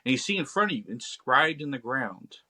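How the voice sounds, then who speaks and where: A man's voice: medium pitch, sing-song, fairly quick, sharp tone. A man guest on a podcast telling an encounter story in casual conversation, speaking in a vivid second person and acting out scared voices.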